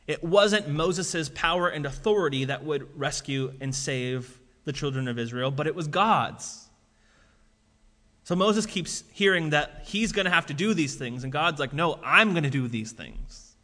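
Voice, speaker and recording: A man's voice: a little high, unhurried, a bit bright. A man preaching a sermon as a pastor, talking casually with lots of fillers and asides. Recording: long reverb of a large hall.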